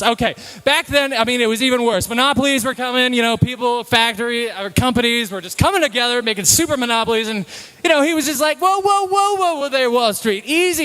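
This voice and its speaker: Man, very high voice, comedic live talk, playful punchy delivery. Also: sharp tone. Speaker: presenter at a live talk night. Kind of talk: comedic slide presentation to a live audience.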